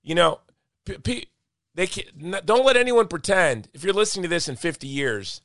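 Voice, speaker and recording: A man's voice: high-pitched, animated, normal speed, a bit bright, no room sound, studio quality. A man hosting a podcast in casual chat, speaking with passion and repeating points for emphasis. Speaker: podcast host.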